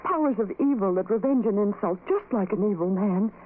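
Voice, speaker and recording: An actress playing an educated young woman gripped by dread in a 1940s radio drama, hushed and intense, breaking into sobs. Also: medium pitch, animated, fairly quick, close to an everyday voice. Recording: tinny lo-fi old radio recording with hiss.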